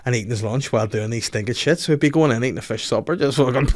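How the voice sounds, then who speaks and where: A man's voice: medium pitch, huge pitch swings, fast talker. A man, hosting a podcast and telling rude stories in casual chat, laughing often. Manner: bawdy storytelling, laughing often. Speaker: podcast host.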